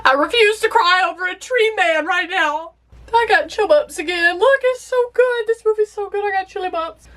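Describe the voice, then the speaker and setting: A young woman with a high, bright-pitched voice reacts to a movie she's watching for the first time. She is excitable and emotional, talking straight back to the characters on screen. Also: moderate pace.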